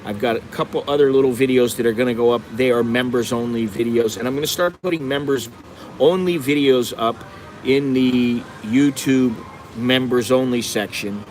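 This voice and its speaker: A man's voice: medium pitch, moderate pace, darkish tone, slight background noise, low-quality recording. Foul-mouthed middle-aged man ranting. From United States. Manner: heavy swearing, blunt, digressive storytelling. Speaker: vlogger. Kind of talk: profane live-stream rant. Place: indoors by a window, city traffic outside. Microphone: phone set on a windowsill.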